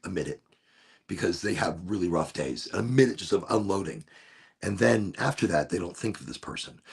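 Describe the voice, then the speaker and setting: A man's voice: low voice, gravelly, slightly rough. A middle-aged man hosting a podcast, rambling profanely in a casual monologue. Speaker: podcast host.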